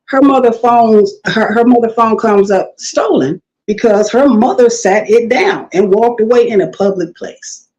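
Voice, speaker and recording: In a muffled recording, a middle-aged woman speaks in a fairly high, slightly mellow voice at an unhurried pace. She's a guest in a casual storytelling interview, laughing often and acting out the people she quotes.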